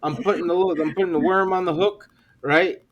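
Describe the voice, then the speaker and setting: A man co-hosting a comedy podcast, telling stories in casual chat, swearing a lot and getting loud at the punchlines. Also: sits high, brisk, highs cut off. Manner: animated storyteller, swears a lot, shouts at punchlines. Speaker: podcast co-host.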